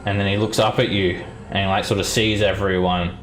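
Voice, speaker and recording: A man narrating as dungeon master of a tabletop game, in a relaxed, hesitant way with many fillers. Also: deep voice, fairly quick, slight background noise. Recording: echoey room with faint music.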